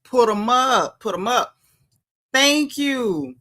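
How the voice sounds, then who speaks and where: Bright-voiced sassy Southern woman. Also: fairly high pitch, animated, takes it slowly. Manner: chatty, sassy, greets viewers by name. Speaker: livestream host. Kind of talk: casual livestream chat.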